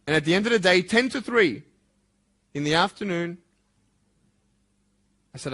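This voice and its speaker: A man giving a motivational speech to school students, impassioned and swinging from soft, intimate lines to loud, emphatic ones. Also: high voice, animated, moderate pace, pauses often.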